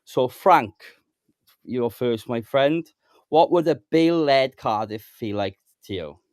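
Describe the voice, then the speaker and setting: A man's voice: mid-range voice, animated, slow, a little mellow, dry recording. Man, host, casual fan talk, matey, mid voice, dry sound. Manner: chatty, addresses the panel as mates. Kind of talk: casual fan podcast hosting.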